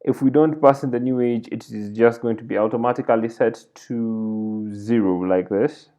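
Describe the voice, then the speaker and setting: A man's voice: mid-range voice, normal speed, dark tone. A man teaching a coding screencast, thinking aloud as he types and often adding "right?" and "like this". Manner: thinks aloud while typing, frequent "right?" and "like this". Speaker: coding tutorial instructor. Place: at a computer, indoors.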